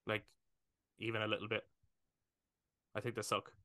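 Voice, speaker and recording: A man with a bright, forceful voice chatting casually as a podcast co-host. He acts out what he was thinking as he goes, with swearing and laughter. The recording is dry and close. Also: lowish voice, monotone, moderate pace, no room sound. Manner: acts out his own thoughts, swears, laughs. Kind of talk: casual chat.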